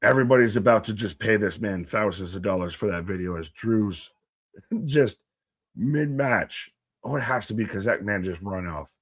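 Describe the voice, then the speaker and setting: A man co-hosting a live wrestling watch-along, rambling and animated, joking with the chat. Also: fairly low pitch, moderate pace, husky.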